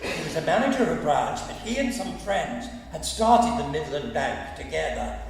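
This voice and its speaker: English guy telling old stories, kinda high and gravelly, recorded far off in a big echoey hall w faint hum. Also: very animated, moderate pace. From England. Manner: chuckling anecdotes with sung and quoted snatches. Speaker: guest speaker. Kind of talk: anecdotal talk.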